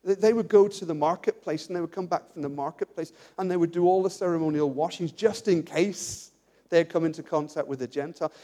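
Preacher, male, high voice, animated sermon delivery. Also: a little fast. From England. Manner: animated, repeats words, emphatic lists.

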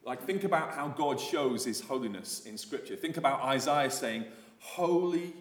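A man giving a sermon as a visiting preacher, casual and animated, with many fillers and restarts. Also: mid-range voice, moderate pace, reverberant.

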